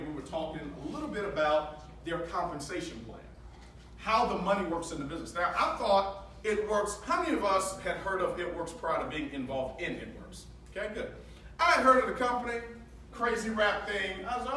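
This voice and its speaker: A man giving an energetic, preacher-like motivational talk at a sales training, leading call-and-response and joking with the audience. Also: sits high, fairly quick. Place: large hall with a live audience. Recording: echoey hall with crowd noise, from far off.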